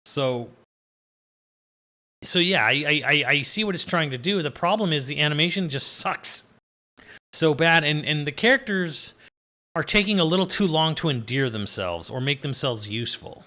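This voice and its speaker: Young male reviewer, bright tone, raised pitch, rambling frustrated rant. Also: lively intonation, moderate pace. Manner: exasperated, swearing, laughing, rambling. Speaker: video reviewer. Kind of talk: casual rant.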